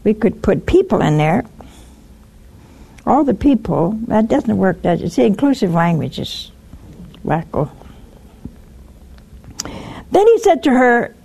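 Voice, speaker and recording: A woman's voice: mid-range voice, slow, creaky, long pauses, slightly rough. A woman preaching a broadcast sermon, telling stories with wry humor, teasing her listeners and dropping to a whisper to stress a point. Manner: animated storytelling, dropping to a whisper for emphasis.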